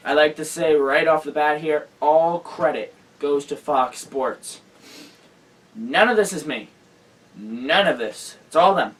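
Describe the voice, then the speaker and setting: A tired man hosting a casual racing news roundup, hurried and rambling, correcting himself as he goes. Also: a little high, a bit bright, recorded from a distance, poor audio. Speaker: host.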